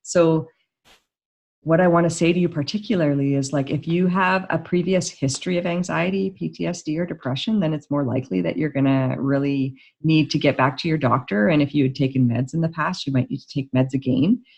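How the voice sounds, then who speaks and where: A woman grief therapist giving a casual, excitable talk to camera, full of "like" fillers. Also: low voice, a little fast, creaky, muffled recording. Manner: chatty and excitable, many "like" fillers.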